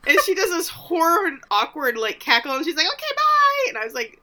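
A woman with a bright, crisp voice and a fairly high pitch. She retells a TV episode in casual podcast chat, jumping into quick, exaggerated voices for the characters. Her energy keeps rising and falling as she acts it out. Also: expressive. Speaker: podcast co-host recapping a TV episode.

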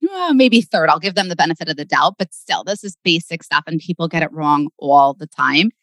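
A woman's voice: low-pitched, lively intonation, fairly quick, a bit bright, no room sound, rough recording. A woman co-hosting a casual podcast, playful and self-deprecating, laughing easily. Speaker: podcast co-host, doctor.

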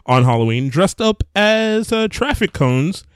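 A man's voice: high-pitched, big pitch swings, unhurried, clean tone, dry recording, studio quality. A man co-hosting a casual podcast, laughing often and swearing freely as he tells a story. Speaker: podcast co-host. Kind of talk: casual chat.

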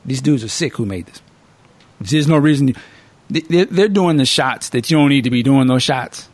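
A male podcast host casually recapping a movie as an animated storyteller who acts out the characters. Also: mid-range voice, moderate pace, dry recording.

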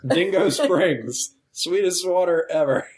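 Deadpan man quipping at a game table. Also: high voice, takes it slowly. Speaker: player. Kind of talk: joking banter at a game table.

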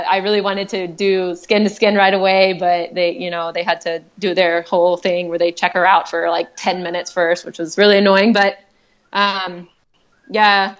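A woman's voice: mid-range voice, level tone, moderate pace, smooth, highs cut off. A woman telling her own story as a podcast guest, chatty and heartfelt, with many fillers and restarts. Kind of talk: personal storytelling.

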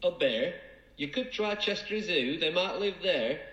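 A man's voice: sits high, animated, unhurried, a bit bright. A man voicing a cheery barman in a comedy sketch on tape. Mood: cheeky. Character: cheery northern male barman. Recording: echoey, muffled lo-fi audio.

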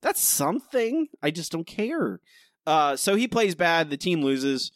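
Lively, exasperated male podcast host. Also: fairly high pitch, a little slow, no room sound, studio quality. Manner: exasperated, ranting, repetitive. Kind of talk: casual podcast chat.

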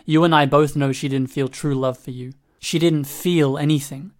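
A man voicing a cold, calculating male hacker who speaks in a flat, dismissive way in an audiobook reading. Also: on the high side, normal speed, natural voice.

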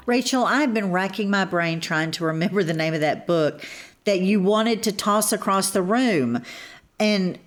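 A woman's voice: medium pitch, measured pace, soft background music. Thoughtful woman book chat co-host.

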